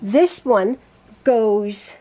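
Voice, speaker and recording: A woman teaching a quilting lesson in her home sewing room, chatty and quick to laugh at and correct her own mistakes. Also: mid-range voice, mellow. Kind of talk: casual sewing tutorial.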